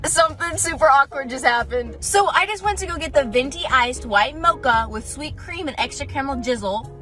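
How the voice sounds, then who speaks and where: Young woman, very high and bright, giggly comic storyteller, light music underneath. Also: lively intonation, brisk. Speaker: comedy creator. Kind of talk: storytime skits. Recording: faint music behind.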